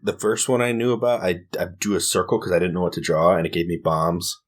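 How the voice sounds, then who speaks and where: Very deep-voiced laid-back man. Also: fairly even intonation, fast talker. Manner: laid-back, chuckles often. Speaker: podcast co-host. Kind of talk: casual gaming podcast chat.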